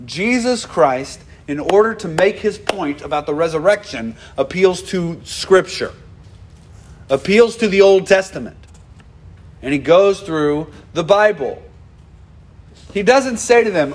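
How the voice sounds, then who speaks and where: A man preaching a conversational, animated sermon as a pastor. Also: high voice, a little slow. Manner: animated, conversational, acts out quoted dialogue.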